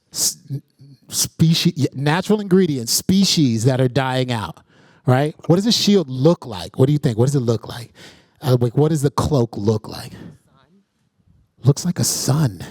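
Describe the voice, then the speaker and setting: A man's voice: medium pitch, dry recording, studio quality. A man facilitating an interactive workshop, energetically calling on the audience and checking in with "right?" as he goes.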